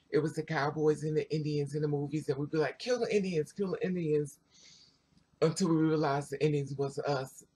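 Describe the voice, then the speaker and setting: A vlogger telling a personal story to viewers in a chatty, animated way, full of asides. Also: medium pitch, slightly rough. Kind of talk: casual storytelling to camera.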